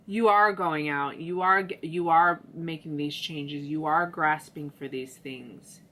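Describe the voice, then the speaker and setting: A woman's voice: sits low, steady tone, slow, sharp tone. A woman giving a casual tarot reading, chatty and slangy, talking straight to her viewers. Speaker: tarot reader.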